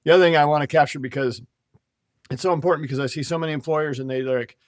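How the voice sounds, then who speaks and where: A man's voice: a little high, steady tone, very fast, no echo, clean studio sound. A man hosting a business podcast, talking casually in long run-on sentences and joking with his guest. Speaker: podcast host.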